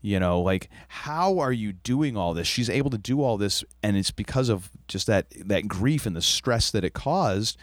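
A man co-hosting a casual podcast chat about a TV episode. He speaks in an animated way, often jumping up high in pitch. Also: moderate pace, few pauses, no room sound, clean studio sound. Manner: animated, jumps up high for quoted lines. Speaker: podcast co-host.

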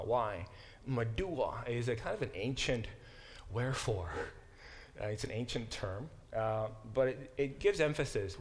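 A man's voice: mid-range voice, animated, moderate pace. Man lecturing on scripture. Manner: explanatory, with frequent fillers and restarts. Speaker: professor teaching a Bible class.

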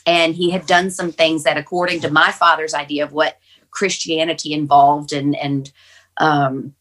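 A woman's voice: sits low, level tone, normal speed, a bit bright. A woman guest on a panel podcast, telling a personal story in an earnest, reflective way.

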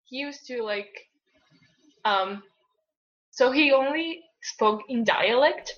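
High-voiced rambling woman, lo-fi audio. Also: slow pace, fairly bright tone. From Italy. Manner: rambling, many fillers and restarts, laughs often. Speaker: guest co-host. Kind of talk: casual conversation. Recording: lo-fi dull audio.

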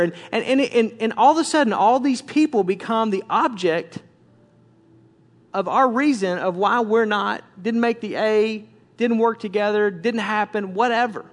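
A man's voice: high voice, moderate pace. A male pastor preaching a candid, conversational sermon with frequent restarts.

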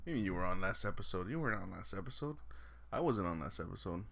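A man's voice: deep voice, lively intonation, quick pace, creaky, a bit bright. Crude joking young man. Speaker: podcast co-host. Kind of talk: casual chat.

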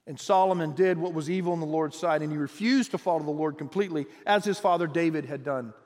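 High-voiced preacher in an echoing hall. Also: male voice, fast talker. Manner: animated and conversational, with repeated restarts and jokes. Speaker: pastor. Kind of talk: sermon.

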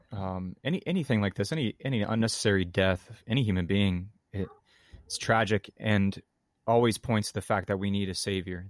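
A man co-hosts a podcast as a pastor. He sounds earnest and reflective, with some dry humor. His voice sits a little low. The sound is dry and close, with no room around it. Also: no echo. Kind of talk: casual podcast conversation.

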